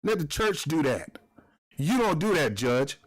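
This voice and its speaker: A man's voice: fairly high pitch, very animated, unhurried. Fired-up man ranting. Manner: emotional, fired up. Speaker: video commentary host. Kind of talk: heated commentary rant.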